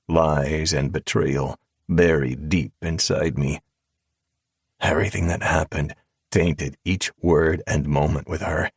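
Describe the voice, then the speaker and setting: Very deep, slow male audiobook narrator. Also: gravelly, husky, dry recording, clean studio sound. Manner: calm, cold drawl. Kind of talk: first-person audiobook narration.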